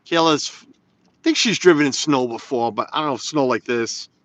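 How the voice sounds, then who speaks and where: In a casual live-stream from his car on snowy roads, a man rambles to viewers and reads their comments aloud. He speaks at a moderate pace in a medium-pitched, fairly bright voice, and the recording is dry. The phone audio is lo-fi and slightly dull.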